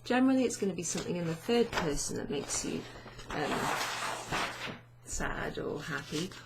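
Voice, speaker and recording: A woman's voice: on the low side, expressive, normal speed, heavy background noise. A woman teaching a chatty, self-deprecating online language lesson, often asking learners questions.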